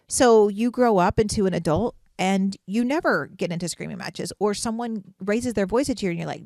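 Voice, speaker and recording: A woman's voice: medium pitch, animated, normal speed, darkish tone, no room sound, clean studio sound. Earnest woman therapist hosting a podcast. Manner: earnest, conversational, with frequent restarts and rhetorical questions. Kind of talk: casual advice podcast monologue.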